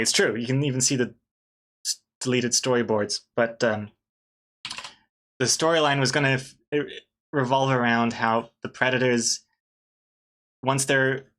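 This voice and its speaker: A man with a medium-pitched, fairly bright voice chats casually on a live art stream while drawing. He rambles, trails off, and laughs often.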